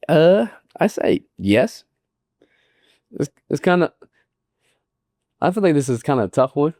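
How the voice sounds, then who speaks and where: A man in his thirties from Colorado, chatting casually as a podcast host, laid-back and halting with lots of fillers. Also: fairly high pitch, sing-song, mellow, no room sound, studio quality. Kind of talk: casual chat.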